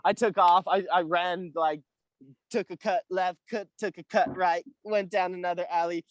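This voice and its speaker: A young man, an amateur boxer, telling a story as an interview guest in a casual, animated way, swearing and acting out the voices of the people he quotes. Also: high voice, moderate pace, no room sound.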